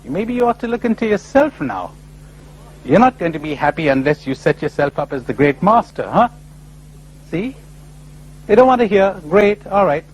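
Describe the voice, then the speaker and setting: A man giving a spiritual talk to a live audience, animated and full of rhetorical questions, often acting out other people's replies. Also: sits high, normal speed, pauses often, breathy edge, poor audio. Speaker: spiritual speaker. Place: lecture before a live audience.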